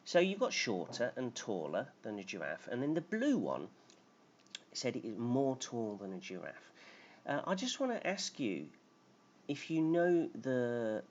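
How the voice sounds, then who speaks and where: A man teaching English grammar on a live stream, explaining patiently and reading out names from the chat. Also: medium pitch. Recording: dull lo-fi stream audio with faint noise.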